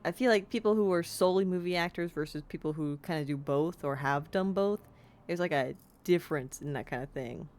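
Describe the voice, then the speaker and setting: A young American woman with a low, a little mellow voice talks a little fast while streaming a game. Her let's-play chat is casual and cheerfully rambling, full of "like" and "you know."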